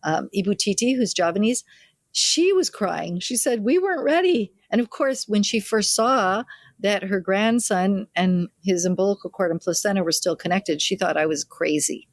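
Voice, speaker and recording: A woman's voice: medium pitch, normal speed, no room sound, studio quality. An older woman, a midwife in an interview, telling family stories and acting out the people she quotes. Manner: lively storyteller who acts out quoted family members. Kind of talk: anecdotal interview storytelling.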